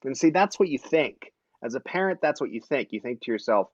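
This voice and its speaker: A man's voice: mid-range voice, animated, fairly quick, hardly any pauses, dry recording, highs cut off. A man in his forties hosting a casual live-stream chat, rambling and joking, often correcting himself mid-sentence. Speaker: host.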